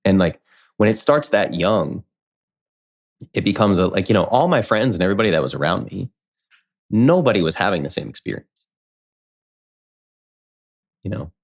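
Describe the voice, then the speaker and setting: A man in his thirties, a podcast guest, telling a personal story in casual conversation, candid and animated, acting out what others said. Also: deep voice. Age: 30s. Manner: candid, animated, quotes people in lively voices.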